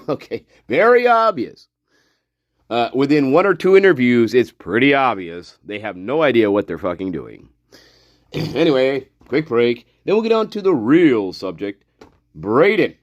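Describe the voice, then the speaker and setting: A man's voice: medium pitch, big pitch swings, a little slow, no room sound, muffled recording. Profane, scornful man ranting on a livestream. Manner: frequent laughter, trailing off into mutters. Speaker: livestream host. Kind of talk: livestream commentary reading chat.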